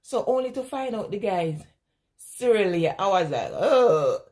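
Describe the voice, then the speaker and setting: A woman's voice: medium pitch, expressive, moderate pace, warm tone. Chatty woman vlogger. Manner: rambling storyteller, laughs often, answers viewer questions. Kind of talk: casual chat.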